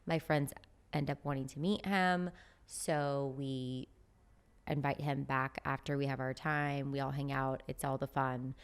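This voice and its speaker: A woman with a low-pitched voice recounts a dating story on a podcast. She talks in a chatty way, dropping "like" often and slipping into the voices of people she quotes. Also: fairly even intonation, measured pace, clear, resonant tone. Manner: chatty, frequent "like" fillers, acts out quoted dialogue. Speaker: podcast guest. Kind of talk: casual chat, storytelling.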